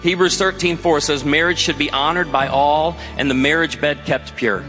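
A man preaching a sermon, telling stories and slowing down for emphatic points. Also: on the high side, fairly even intonation, pushed and bright, faint music behind. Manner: storytelling preacher, shifting between quick asides and slow emphatic lines. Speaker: pastor. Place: large hall before an audience. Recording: long hall reverb.

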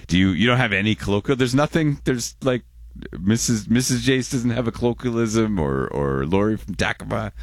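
A man's voice: low voice, a bit bright, no room sound, studio quality. A Canadian man in his forties hosting a radio show in casual chat, rambling and restarting his words, often chuckling.

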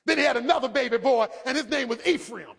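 High-voiced preacher swinging quiet to shouting. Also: male voice, fast, gravelly, slightly rough. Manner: swings between quiet low asides and shouted emphasis; dramatic, acts out quoted speech. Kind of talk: sermon.

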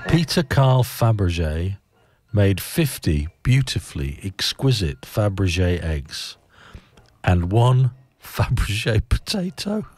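A playful man hosts a fun-facts show with a fairly low voice, and he lingers theatrically over repeated words. Loud music plays behind him the whole time. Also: sing-song, takes it slowly. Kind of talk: playful fact reading. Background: loud background music.

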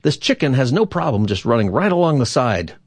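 A man hosting a call-in radio show, telling a corny joke and jumping up high for each character. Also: fairly quick, slightly rough, no echo. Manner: animated, jumps high for quoted characters.

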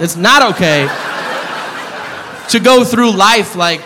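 A man doing a stand-up comedy routine, telling a story in an animated, profane, incredulous way. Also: high voice, takes it slowly. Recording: live club, reverb, audience noise. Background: audience laughter.

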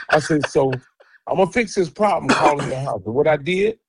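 A man's voice: fairly high pitch, brisk, husky, dry recording. A middle-aged man, telling personal stories as a guest and acting out the people in them. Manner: animated storyteller acting out quoted dialogue. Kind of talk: candid storytelling interview.

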